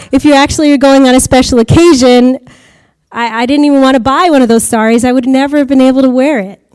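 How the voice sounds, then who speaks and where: A woman's voice: high voice, fairly quick, a little mellow, clear, resonant tone. An American woman giving a chatty testimony to a church congregation about mission work, often laughing as she talks. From United States.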